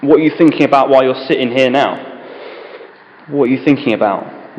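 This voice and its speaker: A man's voice: mid-range voice, fairly quick, long pauses, a little mellow, slight background noise. Man, informal church-group speaker, conversational with rhetorical questions; reverberant hall, dull recording. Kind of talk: informal Bible talk. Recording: echoey hall, dull lo-fi sound.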